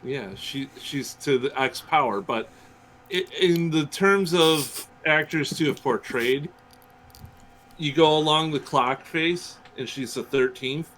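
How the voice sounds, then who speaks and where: A man's voice: on the high side, takes it slowly, fairly bright tone. A man in casual podcast chat, earnest and working his way toward a point. His line carries a faint layer of background noise.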